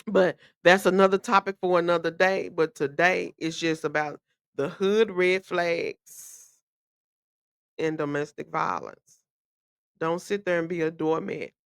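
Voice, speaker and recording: A woman's voice: on the low side, steady tone, a little slow, clear, resonant tone, dry recording, clean studio sound. A woman, hosting a podcast and giving blunt, emphatic advice in a casual monologue. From Memphis, USA. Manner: blunt, emphatic, repeats key phrases. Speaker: podcast host.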